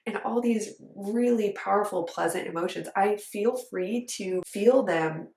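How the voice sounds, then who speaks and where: Woman dance coach, earnest and emphatic, casual "like"-filled delivery, mid-pitched, roomy echo. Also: measured pace, darkish tone. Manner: earnest, emphatic, conversational with frequent "like". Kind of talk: direct-to-camera coaching talk. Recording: echoey room.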